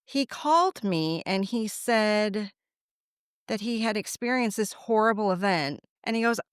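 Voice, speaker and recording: A woman's voice: mid-range voice, animated, fairly quick, no echo, studio quality. A middle-aged woman talking earnestly and a little rambling in a casual conversation, with frequent restarts. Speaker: guest, deputy's mother.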